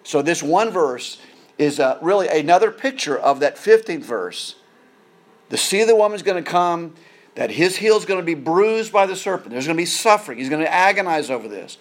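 Guy preaching a sermon, kinda high voice, earnest, repeats himself a lot. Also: big pitch swings, brisk. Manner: earnest, repeats words and restarts while building emphasis.

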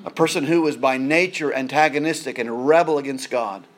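A man's voice: medium pitch, brisk. A man preaching a sermon in an earnest way, often repeating words as he builds emphasis.

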